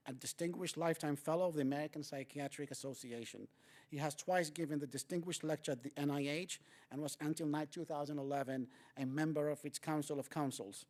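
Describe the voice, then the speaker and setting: A man's voice: on the high side, a little mellow. A man introducing a guest speaker, reading a list of honors with fillers and asides. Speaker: event host introducing a speaker. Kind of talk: formal introduction.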